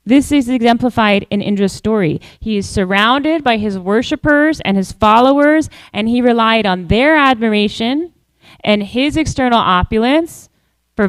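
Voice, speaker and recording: A woman giving a devotional class, telling a story in measured phrases and slowing down to stress key words. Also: on the high side, smooth, no room sound, poor audio. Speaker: class speaker.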